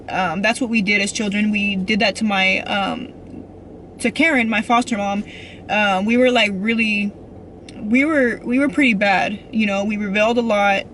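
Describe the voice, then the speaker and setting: Bright-voiced young woman telling a personal story. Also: mid-range voice, a little hiss or hum. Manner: rambling, many fillers and restarts; earnest and emotional. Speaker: vlogger.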